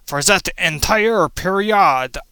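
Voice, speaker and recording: A vengeful French-accented spider. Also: male voice, high-pitched, animated, slow pace, pushed and bright, clear, resonant tone, no echo, heavily acted. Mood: aggrieved. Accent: mock French. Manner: melodramatic, villainous, theatrical. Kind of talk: comedic monologue.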